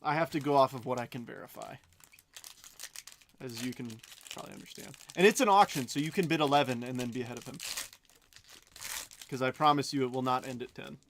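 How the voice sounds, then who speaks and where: A man's voice: mid-range voice, a little fast, long pauses, a bit bright, slight background noise. A man hosting a live card break stream, chatting as he calls out cards and bids. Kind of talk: live stream auction chat.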